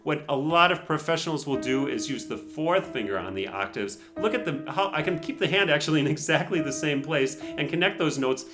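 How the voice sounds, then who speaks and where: Reacting to a performance, a piano teacher explains what he hears, analytical and bluntly opinionated, humming melodies to illustrate. His voice is slightly high and animated, and he talks briskly with few pauses.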